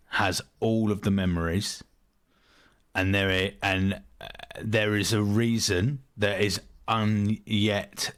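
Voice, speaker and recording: A British man with a lowish voice lays out his film theory slowly and deliberately. He takes his time with each point on the podcast. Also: a bit bright. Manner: measured, building a theory step by step. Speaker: podcast co-host. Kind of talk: casual film review chat.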